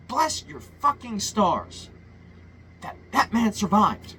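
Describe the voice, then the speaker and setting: Angry man, high and animated, ranting with restarts, slight room noise. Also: slow pace, vocal fry, poor audio. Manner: profane, heated, stumbling restarts. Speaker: political commentator. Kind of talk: ranting monologue.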